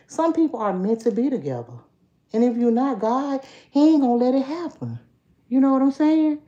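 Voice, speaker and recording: A woman hosting a casual livestream, chatting straight to her viewers, jumping to high excited calls. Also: highs cut off. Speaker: livestream host.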